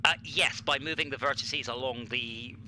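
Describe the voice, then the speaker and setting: Guy rambling and joking during a racing sim stream, really bright sharp voice, faint hum behind. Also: mid-range voice, moderate pace. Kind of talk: casual chat while gaming.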